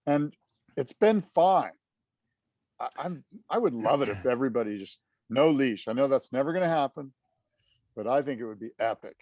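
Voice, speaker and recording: Male podcast co-host, loose and rambling chat, mid-pitched, dry close sound. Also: moderate pace, dry recording. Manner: animated, rambling with fillers. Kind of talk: casual chat.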